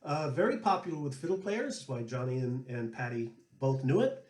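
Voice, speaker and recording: A man hosting, a flute player telling a relaxed story and giving music tips. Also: medium pitch, a little fast. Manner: chatty, anecdotal, relaxed. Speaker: flute player and show host. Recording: echoey room.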